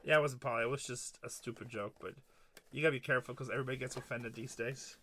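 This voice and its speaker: A man's voice: mid-range voice, steady tone, quick pace, pushed and bright, slight background noise. A middle-aged man hosting a live card-breaking stream, joking and trash-talking with viewers by name. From Texas. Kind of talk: live stream casual chat while opening cards.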